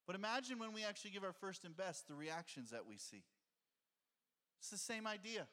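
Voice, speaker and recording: A man's voice: high voice, expressive, fairly quick, sharp tone, long reverb tail. A male pastor preaching a conversational sermon and reading scripture aloud, heard in a church sanctuary.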